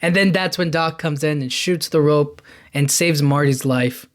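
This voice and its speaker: A man hosting a podcast, casually retelling a film's plot in a rambling, enthusiastic way, slipping into quick quoted lines. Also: a little high. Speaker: podcast host. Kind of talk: casual movie recap.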